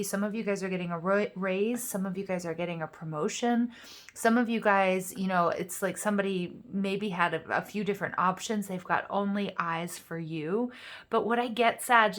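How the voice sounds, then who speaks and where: A woman giving a casual, upbeat tarot reading straight to her viewers, encouraging and quick to get excited. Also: medium pitch. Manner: upbeat, encouraging, excitable, fillers like "you know". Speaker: tarot reader.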